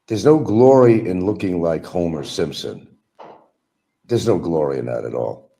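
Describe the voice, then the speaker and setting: Man, very deep voice, gravelly, dark tone, combative rant, mocking. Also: expressive, a little slow. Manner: combative, mocking, talks to absent rivals. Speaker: livestream host. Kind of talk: ranting monologue.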